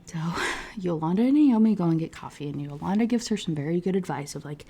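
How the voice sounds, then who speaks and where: Female book reviewer, casual sarcastic rant delivery, profane, warm and relaxed tone. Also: on the low side, brisk, husky. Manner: profane, animated, sarcastic retelling with quoted voices.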